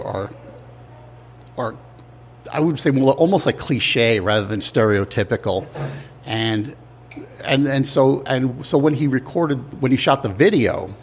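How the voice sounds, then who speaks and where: A man hosting an interview, asking questions and adding his own comments in a relaxed conversational way. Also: medium pitch, slight background noise. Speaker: interviewer host.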